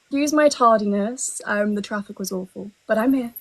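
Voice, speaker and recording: An English woman with a noticeably gravelly, creaky voice chats on a live stream. She is polite and self-deprecating, and she often pauses on hesitant ums. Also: mid-range voice, poor audio. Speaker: cosplay panel guest. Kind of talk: casual live-stream chat.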